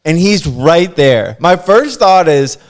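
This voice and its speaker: A young man telling a funny story on a podcast in casual chat, animated and often laughing as he acts out the quotes. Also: fairly high pitch, slow.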